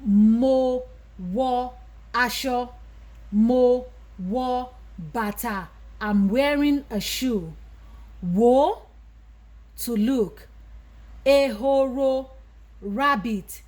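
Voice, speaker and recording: A woman's voice: fairly high pitch, extremely slow, pauses often, darkish tone. A woman with a Yoruba accent, teaching a language lesson, who says each Yoruba word and then gives its English meaning. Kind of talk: slow vocabulary lesson.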